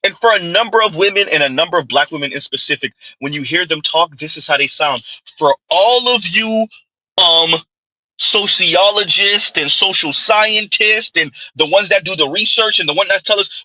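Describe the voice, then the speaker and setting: A man's voice: high voice, expressive, normal speed, bright, forceful tone, dry recording, low-quality recording. A man giving a mocking opinion commentary, full of rhetorical asides and scornful dismissals. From United States.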